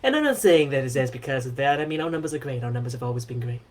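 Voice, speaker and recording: A man's voice: medium pitch, animated, very fast, pitched below the performer's own voice, lightly acted. A man doing a boastful blustering politician. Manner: boastful, repetitive, defensive. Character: blustering older male politician at a press briefing.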